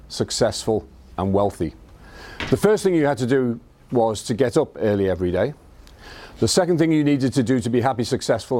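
A middle-aged man with a Liverpool accent addresses an audience for the evening, his voice sitting at an ordinary middle pitch. He tells life stories with dry self-deprecation. He often stops and restarts a phrase as he goes. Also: warm tone. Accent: Scouse. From Liverpool, England. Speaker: invited speaker.

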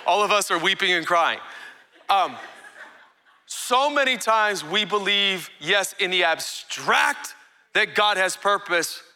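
Bright-voiced energetic male pastor preaching. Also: high-pitched, slow pace, smooth. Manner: energetic preacher, calls for amens from the congregation. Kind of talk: live sermon. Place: church sanctuary.

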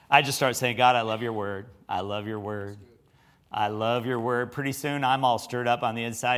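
A man's voice: medium pitch, a bit bright. A middle-aged man preaching a sermon in a folksy, conversational way, telling stories with animation.

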